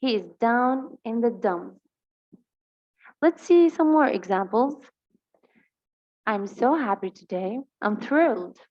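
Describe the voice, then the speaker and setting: A woman teaches English with a Levantine Arabic accent, her first language being Arabic. She reads example sentences slowly and explains them at a brisk pace. The recording is slightly dull and lo-fi. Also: a little high, lively intonation. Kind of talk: bilingual vocabulary lesson.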